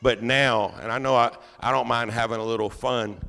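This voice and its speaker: A man pastor preaching a sermon as a folksy, animated storyteller. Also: medium pitch, moderate pace, gravelly, clean tone, long reverb tail. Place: church sanctuary.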